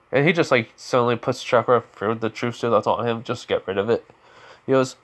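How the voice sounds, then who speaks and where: A man's voice: mid-range voice, normal speed, fairly bright tone. A man casually retelling a fan story in a loose, rambling way, full of fillers and restarts, briefly lifting his voice to quote characters.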